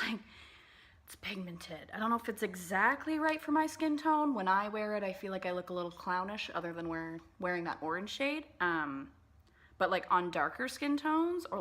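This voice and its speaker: A woman's voice: lowish voice, a bit bright. Bubbly chatty woman doing makeup. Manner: bubbly and chatty, many "like" fillers. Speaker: beauty vlogger. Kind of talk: casual makeup tutorial chat.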